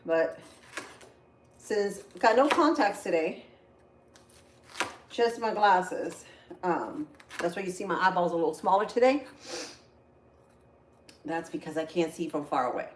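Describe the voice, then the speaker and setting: In an echoey kitchen with faint background noise, a woman hosts a casual cooking stream, tearing up from onions as she cuts vegetables and talks with viewers. She frequently exclaims "oh Lord," her lowish voice expressive and unhurried, with long pauses.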